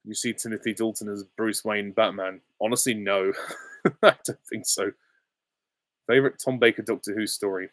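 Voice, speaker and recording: A man's voice: fairly low pitch, fairly even intonation, moderate pace, a bit bright, dry recording, clean studio sound. A young adult man hosting a casual live Q&A, reading out chat questions and giving short, offhand, easygoing answers. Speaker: channel host.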